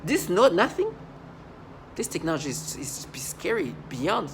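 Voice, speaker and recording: A vlogger delivers a rambling personal monologue in an agitated, intense voice of middling pitch. The talk keeps breaking off and restarting, jumping into quoted asides, and swings from loud outbursts down to low muttering. A faint hiss of noise sits under the voice. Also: huge pitch swings, unhurried, vocal fry.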